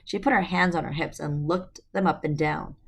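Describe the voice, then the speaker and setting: A woman with a low, dark-toned voice reads a storybook aloud from her bed at home. She keeps it casual and breaks off for chatty asides to her listeners. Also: steady tone, normal speed, vocal fry. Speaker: storybook reader. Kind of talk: reading a novel aloud to viewers.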